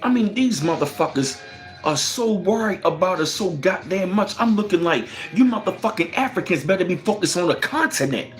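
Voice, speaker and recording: Animated, profane man ranting. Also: sits high, normal speed, soft background music. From United States. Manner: profane and emphatic, firing off rhetorical questions; reads out viewer chat comments. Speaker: livestream host. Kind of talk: heated livestream commentary.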